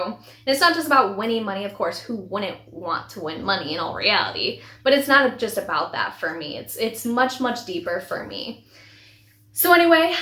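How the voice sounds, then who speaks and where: A woman's voice: medium pitch, pushed and bright, a little hiss or hum. A woman in her thirties, a vlogger telling her personal story in a heartfelt, rambling way with many restarts. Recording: echoey room.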